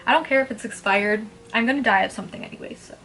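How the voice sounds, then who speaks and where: Young woman in her 20s, rambly beauty chat at home, a bit high-pitched, faint hiss behind. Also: fast. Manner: chatty, rambling and blunt, swears freely. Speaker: beauty vlogger. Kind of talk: casual get-ready-with-me chat.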